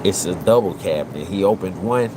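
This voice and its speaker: A man's voice: low voice, fairly quick, background noise. A man, live-streaming emotional commentary and talking earnestly and repetitively to his chat.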